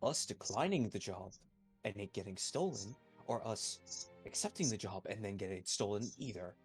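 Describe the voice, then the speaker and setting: A man playing a tabletop role-playing game, arguing in character in a blunt, profane and forceful way. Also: on the low side, lively intonation, moderate pace, faint music behind.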